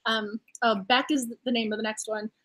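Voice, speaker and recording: A woman's voice: a little high, level tone, moderate pace, a bit bright. A woman co-hosting a book club discussion, chatty and enthusiastic, laughing often as she talks about novels. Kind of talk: casual book chat.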